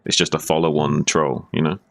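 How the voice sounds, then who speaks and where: A man's voice: extremely low pitch, flat delivery, brisk. A man streaming a game, chatting casually with friends and explaining his point at length, often restarting his sentences. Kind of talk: casual chat while gaming.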